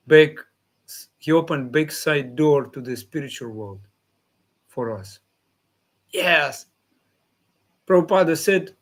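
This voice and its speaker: A man giving a devotional class in simple, non-native phrasing, often acting out the replies of his listeners. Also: on the high side. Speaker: spiritual teacher.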